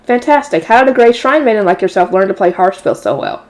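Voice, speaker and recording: A boisterous young nobleman, as a woman reader puts him on, teasing and sure of himself in a storybook reading. The voice stays near a plain middle pitch. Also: very animated, fast, close to an everyday voice. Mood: playful. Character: brash, playful young male noble.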